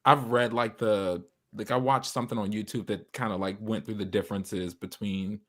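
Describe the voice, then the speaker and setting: A man's voice: lowish voice, fairly even intonation, moderate pace, a bit bright. A man on a casual TV review podcast who talks in a chatty, self-deprecating way, full of fillers. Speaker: podcast guest.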